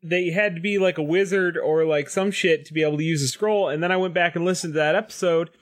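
A man's voice: on the high side, steady tone, fast. Rambling man airing a grudge. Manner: aggrieved, rambling explanation with swearing. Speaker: podcast player. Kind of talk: casual chat.

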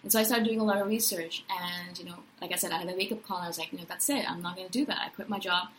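A woman in her thirties giving a casual personal monologue as a podcast host, enthusiastic and animated, often tagging her points with "right?". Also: fairly low pitch, very fast, a little hiss or hum, poor audio. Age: 30s.

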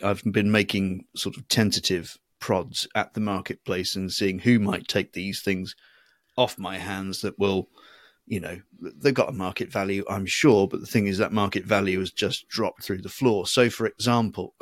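A man co-hosting a podcast in casual chat, relaxed and musing, with some hesitations. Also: low-pitched, moderate pace, no echo. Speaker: podcast co-host.

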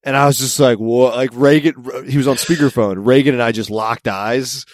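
A man's voice: mid-range voice, fairly even intonation, moderate pace, no echo. Rambling Mid-Atlantic American man, dry sound. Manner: rambling storyteller, wry and self-amused. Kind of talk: casual chat. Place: California.

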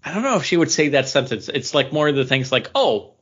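A man co-hosting a podcast, chatting in a relaxed, slightly hesitant way. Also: fairly high pitch, fast, slightly rough, lo-fi sound. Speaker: podcast co-host. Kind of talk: casual chat.

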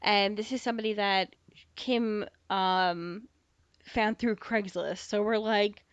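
Animated young woman telling a story. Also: mid-range voice, slow, no room sound. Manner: animated, swears freely, acts out dialogue. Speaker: podcast co-host. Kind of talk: casual storytelling chat. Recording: slightly dull dry podcast mic.

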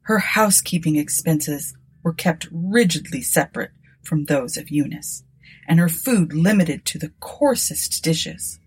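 A woman narrating a gothic storybook in an expressive, dramatic reading. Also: low voice, measured pace, slight background noise. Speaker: audiobook narrator.

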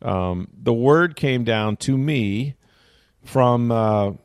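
A man's voice: mid-range voice, animated, drawn-out words, clean tone, no echo, clean studio sound. A middle-aged man hosting a sports talk show, telling a story in a casual, rambling way and interrupting himself often. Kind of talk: casual chat.

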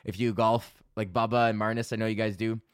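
A man in his thirties hosting a podcast, ranting casually and profanely, telling animated stories with lots of laughs. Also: lowish voice, a little fast, clear, resonant tone, dry recording, clean studio sound. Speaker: podcast host.

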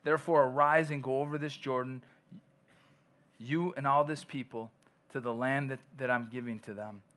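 A man's voice: mid-range voice, fairly even intonation, moderate pace, a bit bright. A male pastor preaching a sermon in a conversational way, with frequent restarts and long scripture readings. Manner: reads scripture aloud.

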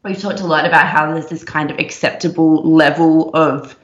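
A woman's voice: low-pitched, steady tone. Chatty young woman, roomy muffled sound. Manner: chatty, emphatic, fast bursts. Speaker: podcast co-host. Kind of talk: casual chat.

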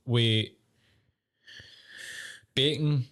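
A man's voice: medium pitch, fairly even intonation, extremely slow, fairly bright tone. A Scottish man hosting a podcast, all casual chat. He swears freely, riffs and banters, and breaks into laughter often. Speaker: podcast host.

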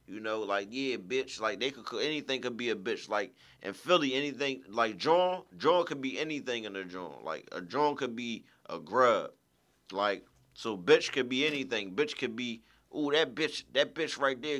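A man's voice: mid-range voice, bright, forceful tone, smooth. A man hosting a podcast, talking in loose, rambling street slang with lots of filler. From Philadelphia. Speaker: podcast host. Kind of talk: casual podcast commentary.

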